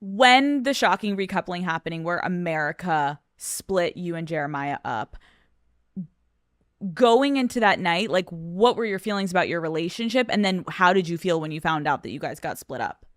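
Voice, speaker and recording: Blunt podcast host woman, low voice. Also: expressive, normal speed, no room sound, clean studio sound. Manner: direct, casual, swears freely. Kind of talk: interview questions.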